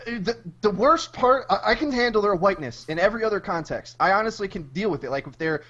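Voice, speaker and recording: A man with a somewhat high voice trades crude jokes with a deadpan delivery on a podcast. The audio is muffled and lo-fi. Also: fast. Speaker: podcast host. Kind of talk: casual podcast banter.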